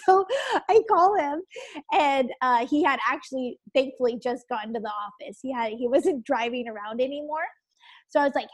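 A woman's voice: high-pitched, normal speed. A woman in her forties, a podcast guest, telling a story casually and animatedly, acting out quotes, saying "like" constantly and laughing often. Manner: animated retelling, acts out quotes, says "like" constantly.

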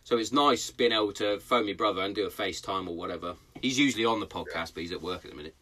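Sweary bright-voiced man podcasting from a shed. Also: low voice, fast talker. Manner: sweary, blunt banter. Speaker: podcast host. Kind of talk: casual chat. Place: garden shed.

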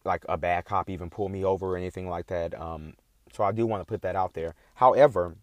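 A man's voice: low-pitched, fairly even intonation, a little fast, no echo. A man in a casual, heated monologue, talking in a profane, emphatic and indignant way.

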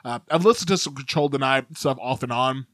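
A man co-hosting a podcast, talking in a halting, filler-heavy casual way. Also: medium pitch, a bit bright, dry recording. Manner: hesitant, lots of uh and like fillers. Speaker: podcast co-host. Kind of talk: casual chat.

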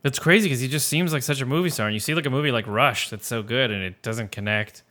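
A man's voice: medium pitch, fast, bright, forceful tone. A man co-hosting a casual movie podcast, rambling and self-correcting with frequent laughs. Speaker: podcast co-host.

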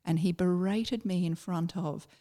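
A middle-aged Australian woman, a former army officer, telling a personal story in a reflective, halting way with many fillers. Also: fairly low pitch, warm tone.

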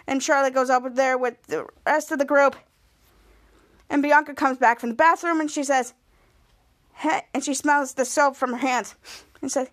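A woman's voice: high-pitched, fairly even intonation, fairly quick, a bit bright. A woman podcast host casually recapping a TV episode, retelling each scene and raising her voice for the quoted lines.

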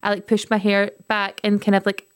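A young adult Scottish woman co-hosts a relaxed podcast chat. She tells stories with animation, acting out quotes as she goes. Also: medium pitch, a little fast, clear, resonant tone. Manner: animated storytelling, acts out quotes. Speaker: podcast co-host. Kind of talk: casual chat.

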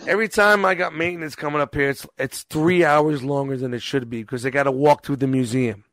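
A man tells a story in a loose, profane, rambling way, slipping into quoted voices as he goes. His pitch sits in the middle. The sound is dry and close to the mic. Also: steady tone, a little fast, no echo.

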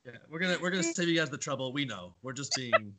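A man's voice: mid-range voice, expressive, fast talker, bright, forceful tone. A man co-hosting a podcast, chatting easily with joking asides. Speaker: podcast co-host. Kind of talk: casual chat.

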